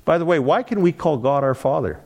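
Animated man teaching a Bible class. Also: a little high, fairly quick. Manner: animated, asks the class questions, laughs lightly. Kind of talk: interactive Bible class lecture.

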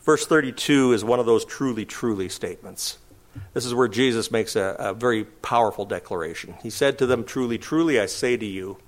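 A man's voice: mid-range voice, fairly quick. A man preaching a sermon, asking rhetorical questions and chuckling now and then. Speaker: pastor.

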